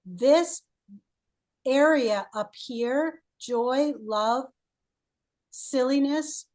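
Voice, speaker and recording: Woman healing coach, playful and encouraging, unhurried delivery. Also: high voice, a little mellow. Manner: playful, encouraging, asks leading questions. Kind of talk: coaching call.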